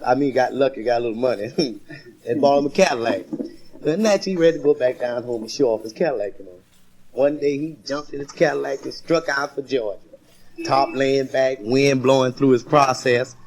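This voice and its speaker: A man's voice: a little high, creaky, a little mellow. A man doing a folksy stand-up comedy routine, telling stories and laughing at his own jokes. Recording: noisy vintage live recording.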